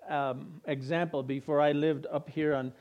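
A man's voice: on the high side, level tone, moderate pace, darkish tone, lo-fi sound. A man preaching a sermon as pastor, speaking conversationally and putting questions to his congregation.

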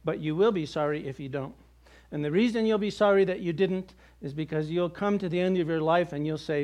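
High-voiced male preacher, conversational. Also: fairly quick, darkish tone. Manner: conversational preaching with jokes and acted quotes. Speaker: pastor. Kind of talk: sermon.

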